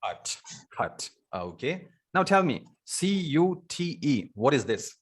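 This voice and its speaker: A man with an Indian accent teaches an online spoken English class over a video call. He goes back over points again and again and keeps asking his students questions. His pitch sits in an ordinary middle range. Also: big pitch swings, unhurried. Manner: repetitive, stops to ask students questions.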